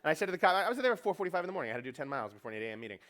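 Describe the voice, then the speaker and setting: Speaking in a slightly high, sing-song, somewhat bright voice, a New York man gives a comedic keynote to a conference audience. He's quick, brash, and profane, joking constantly and acting out the quotes he tells.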